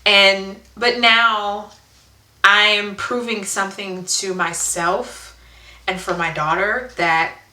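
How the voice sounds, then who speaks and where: A woman's voice: mid-range voice, steady tone, takes it slowly, sharp tone. A woman telling an emotional story in a casual vlog, earnest and full of ums as she checks her notes. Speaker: hair vlogger. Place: indoor room at home. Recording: echoey room.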